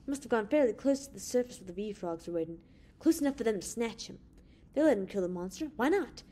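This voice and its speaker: A woman voicing a tense male officer in an audiobook, loud, insistent and accusing. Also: mid-range voice, animated, fast, close to an everyday voice. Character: tense male officer holding friends at gunpoint.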